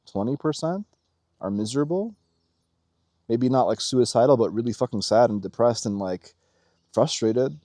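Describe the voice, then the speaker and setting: A man hosting a casual spiritual monologue, rambling and swearing, acting out quotes in animated voices. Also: mid-range voice, no echo, clean studio sound. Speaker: spiritual video host.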